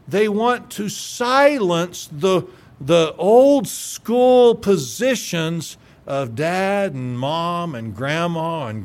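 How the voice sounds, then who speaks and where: A pastor preaching a radio sermon, forceful and emphatic, stumbling over repeated words as he builds up. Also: high-pitched.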